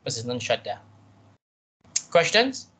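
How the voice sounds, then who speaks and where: A man teaching a Quran reading class, patient, often repeating himself and checking in with "right?", drawing out Arabic words slowly to model them. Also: medium pitch, very animated, a bit bright, a little hiss or hum. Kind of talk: tajweed revision class.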